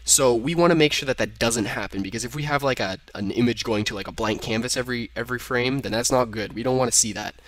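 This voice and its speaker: A fast-talking young man with a medium-pitched voice rarely pauses as he casually works through code in a screen-recorded tutorial. He reasons aloud and fixes himself mid-typing, with the keyboard audible in the background.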